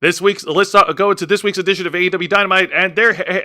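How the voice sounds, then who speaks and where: A man co-hosts a casual wrestling review, his voice bright and sitting a little high for a man. He talks in an animated way, swears freely and restarts his sentences. When something riles him, his voice jumps sharply upward. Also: fast talker. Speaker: podcast co-host.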